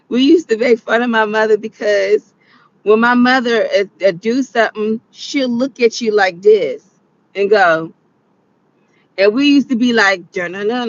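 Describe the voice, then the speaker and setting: A woman's voice: a little high, dull audio. A woman in her late thirties telling stories in a casual chat, laughing often and acting out quotes. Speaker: vlogger. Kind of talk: casual storytelling.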